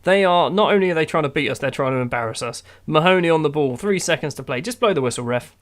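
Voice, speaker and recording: A man's voice: on the high side, animated, fast talker. A man giving wry, exasperated play-by-play of his own football management game. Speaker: gaming YouTuber. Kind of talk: casual game commentary.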